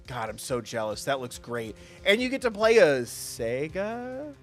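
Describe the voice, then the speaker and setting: A man's voice: medium pitch, big pitch swings, unhurried, few pauses, faint music behind. A young adult man streaming a game, joking playfully with chat in a casual way.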